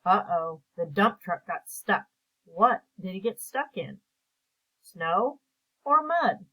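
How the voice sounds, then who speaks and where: Breathy woman reading a picture book aloud. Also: medium pitch, very animated, slow, sharp tone, low-quality recording.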